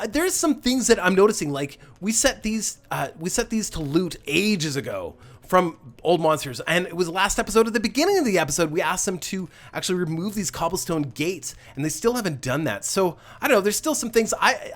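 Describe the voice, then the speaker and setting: A man's voice: high voice, very animated, brisk, few pauses. A man hosting a let's-play, thinking aloud in a rambling, self-correcting way while he plays. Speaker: gameplay channel host.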